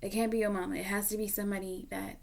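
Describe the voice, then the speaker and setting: Gravelly-voiced emotional tarot reader woman. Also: medium pitch, flat delivery, quick pace. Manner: emotional, candid, swings from loud to whispery. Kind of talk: casual tarot reading to camera.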